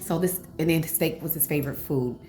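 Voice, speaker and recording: A woman in her forties, a cooking vlogger chatting casually at home with rambling, animated asides. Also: low voice, a little fast, faint music behind. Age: 40s. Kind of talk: casual cooking vlog chat. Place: home kitchen. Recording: echoey kitchen, faint room noise.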